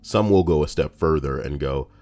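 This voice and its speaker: A man reading out Reddit posts on a livestream, rambling and profane in a casual, animated way. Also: rumbling low, normal speed.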